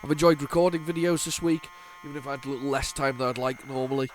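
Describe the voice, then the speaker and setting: With faint music playing behind him, a congested host of a retro gaming show talks fast in a level, mid-range voice. His casual commentary on the game is rambling and chatty, with many restarts and repeated words.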